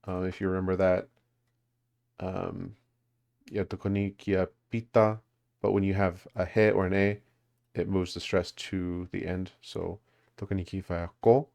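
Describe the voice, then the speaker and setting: A man's voice: low voice, flat delivery, a little slow, vocal fry, a little mellow. A man leading a language study group, explaining grammar casually with many fillers and restarts. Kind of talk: casual teaching over a call.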